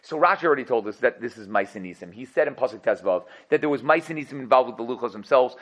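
Fast-talking man teaching Torah. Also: medium pitch, poor audio. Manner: animated, rhetorical questions, laughs often. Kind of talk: energetic Torah class.

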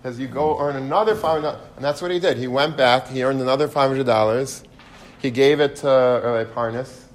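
A man giving an animated storytelling lecture, mixing in Hebrew and Yiddish terms. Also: medium pitch, fairly quick.

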